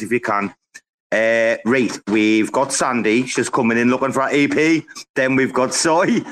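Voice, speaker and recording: Boisterous swearing man hosting a chat. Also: mid-range voice. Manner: boisterous, swearing, laughing often. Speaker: host. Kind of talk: casual live audio chat.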